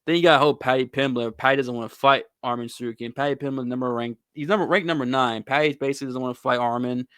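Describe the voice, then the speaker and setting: A man's voice: medium pitch, fairly even intonation, quick pace, a bit bright, clear, resonant tone, no room sound, studio quality. A man hosting a casual sports talk show, giving blunt, opinionated takes on fighters and often calling people "bro". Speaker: host.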